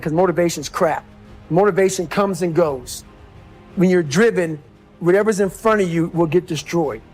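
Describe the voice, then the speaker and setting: A man giving an intense, blunt motivational speech in an emphatic manner. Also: high voice. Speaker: motivational speaker.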